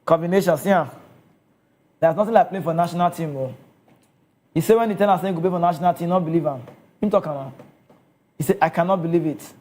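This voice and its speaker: A man's voice: a little high, fast talker, pauses often, a little mellow. A man with a Nigerian accent giving casual football commentary, chatty and often checking in with his listeners.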